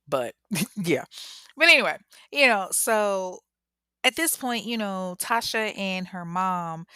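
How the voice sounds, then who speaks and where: A woman telling a true story casually, full of slang and animated asides. Her voice sits on the low side and is recorded close on a mic in a dry room. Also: normal speed, clear, resonant tone, no room sound.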